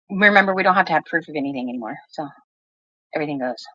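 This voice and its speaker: A woman's voice: sits low, dry recording, highs cut off. A woman guest on a livestream, laid-back and gossipy, swearing freely in casual chat.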